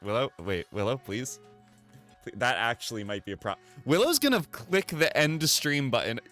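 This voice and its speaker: A male streamer's casual chat, recorded on a desk mic at home. His voice is bright and his pitch swings widely as he rambles, curses lightly and makes fun of himself. Faint music sits underneath. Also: moderate pace. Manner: animated, rambling, swears, self-deprecating. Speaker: live streamer. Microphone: desk microphone through a mixer.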